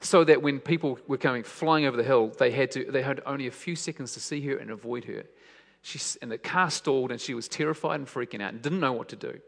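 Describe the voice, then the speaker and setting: A man giving a sermon, telling stories with soft, hushed moments and emphatic questions. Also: mid-range voice, fast talker, gravelly. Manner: storytelling, shifts between soft hushed lines and raised emphatic questions. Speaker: preacher. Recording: long hall reverb.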